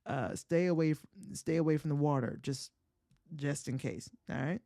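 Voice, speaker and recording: A woman's voice: deep voice, moderate pace, warm tone, dry recording, studio quality. A woman hosting a comedy podcast, telling a folk tale in a chatty, profane way and laughing often at her own jokes. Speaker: podcast host.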